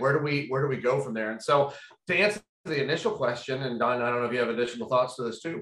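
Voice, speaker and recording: A man's voice: mid-range voice, fairly bright tone. Man talking in a roomy echo. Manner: rambling, conversational, many fillers. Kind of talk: casual panel discussion.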